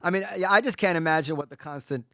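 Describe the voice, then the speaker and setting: A man interviewing a guest, asking questions in a hesitant, halting way. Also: fairly high pitch, heavy background noise. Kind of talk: casual interview.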